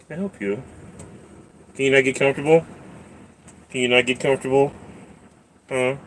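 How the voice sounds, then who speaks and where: Man hosting a casual livestream, rambling and chatty, laughs a lot, mid-pitched voice, faint background hum. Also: moderate pace, long pauses, a bit bright. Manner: rambling, laughs often, talks to his cat. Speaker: livestream host.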